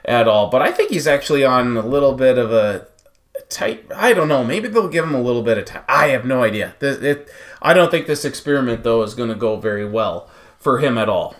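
A man co-hosting a sports podcast, giving firm opinions, agreeing quickly and steering the talk along. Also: medium pitch, animated, a bit bright. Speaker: podcast co-host. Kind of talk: casual sports chat.

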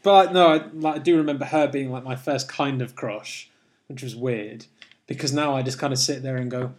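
A man's voice: mid-range voice, slight background noise. A man hosting a casual podcast, rambling and laughing often between points. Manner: giggly, rambling, quick asides. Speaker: podcast host.

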